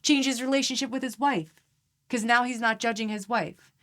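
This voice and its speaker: An interview guest talks earnestly and emphatically about energy healing, trying to persuade in a conversational exchange. Her voice is on the high side and a bit bright, at normal speed.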